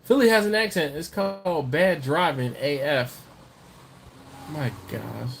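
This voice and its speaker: A livestream host with a fairly high, gravelly voice is a little tipsy from drinking and talks unhurriedly. He rambles, teases and laughs often while reading out viewer comments. Faint background noise runs under the recording.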